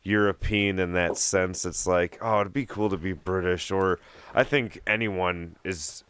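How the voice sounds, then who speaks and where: A man's voice: deep voice, fairly even intonation, unhurried, fairly bright tone, clear, resonant tone, dry recording. A man as a musician guest on a casual podcast, joking and rambling as he talks. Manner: jokey, rambling, slips into joke accents. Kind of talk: casual interview chat.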